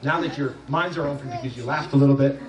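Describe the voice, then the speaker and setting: A man's voice: medium pitch, fast talker, recorded from a distance. Jokey man speaking in an echoey hall. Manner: loose, jokey, with frequent restarts. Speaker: graduation speaker. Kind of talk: joking storytelling speech.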